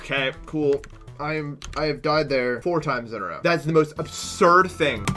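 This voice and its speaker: A young man giving casual live commentary while playing a game, swinging from mumbles to loud frustrated outbursts. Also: a little high, normal speed. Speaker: gaming streamer. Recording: game music playing clearly behind.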